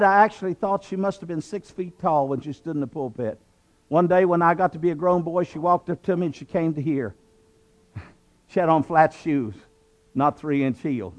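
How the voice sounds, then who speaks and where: Earnest high-voiced man. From southwestern Virginia. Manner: earnest, emphatic, repeats phrases for effect. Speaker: guest telling his testimony. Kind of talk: preacherly testimony.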